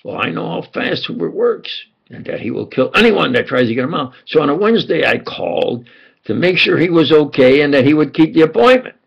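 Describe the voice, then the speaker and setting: Older man, gravelly, husky, rambling monologue, quotes conversations, mutters low. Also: big pitch swings, fairly quick, muffled recording. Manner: digressive, quotes others in dialogue, drops to low mutters.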